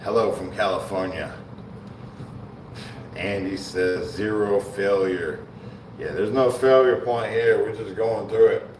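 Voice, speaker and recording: A bodybuilding livestreamer talks casually during his training session, relaxed and slangy, laughing often between sets. His somewhat mellow, fairly low voice holds a steady tone and an unhurried pace with frequent pauses. The echoey room, distant mic, and faint ambience come with slight background noise.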